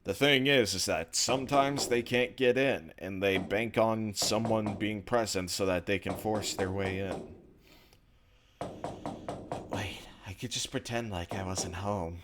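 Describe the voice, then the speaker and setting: A man's voice: fairly low pitch, a little slow, hardly any pauses, background noise. A man hosting a let's play, reading visual novel text aloud with casual, offhand asides. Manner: casual, offhand asides between read lines.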